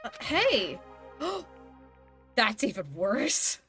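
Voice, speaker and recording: A woman streamer with a somewhat high voice that swoops widely, reading game dialogue aloud in playful put-on voices. Game music plays faintly behind her. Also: drawn-out words. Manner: animated, reads characters' lines with playful voices and laughs.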